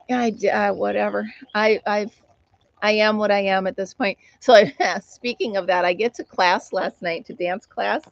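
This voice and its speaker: A woman's voice: mid-range voice, no room sound, highs cut off. A middle-aged American woman hosting a casual live stream chat, telling a funny story and laughing often as she reads viewer comments.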